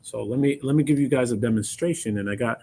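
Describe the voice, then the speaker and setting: A man co-hosting a casual workplace live stream, an animated storyteller who halts with many fillers and laughs often. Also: mid-range voice, quick pace, slightly rough. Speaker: co-host of company live stream. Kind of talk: casual chat.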